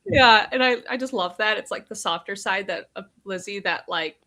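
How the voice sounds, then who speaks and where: A woman's voice: medium pitch, normal speed. Chatty woman retelling book scenes. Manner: reads book passages aloud in a flat retelling, lively reactions. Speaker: podcast co-host. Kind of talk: casual book discussion on a live stream. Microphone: video call.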